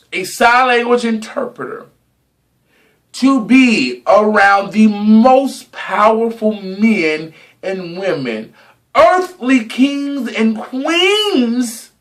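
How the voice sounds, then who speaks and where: A young man with a high voice delivers a sassy, dramatic rant to his viewers. He swears freely and draws words out slowly for emphasis. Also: fairly bright tone. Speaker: vlogger. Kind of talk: casual gossip monologue.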